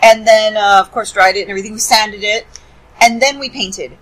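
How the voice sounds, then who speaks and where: A woman co-hosting a casual podcast, chatty and quick to laugh as she tells stories. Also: mid-range voice, noisy background. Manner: giggly, chatty storyteller. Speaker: podcast co-host.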